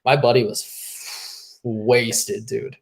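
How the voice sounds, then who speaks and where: A man's voice: mid-range voice, flat delivery, slow, gravelly. A man co-hosting a casual podcast, telling a long anecdote in a loose, laughing way and swearing freely. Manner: laid-back, swears freely, laughs mid-story. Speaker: podcast co-host. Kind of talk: casual storytelling chat.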